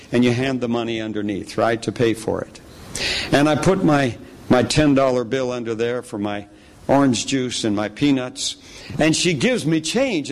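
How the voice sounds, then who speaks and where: A middle-aged man preaching a sermon, telling a personal story with animated delivery and acting out the people he quotes. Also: mid-range voice, slight background noise.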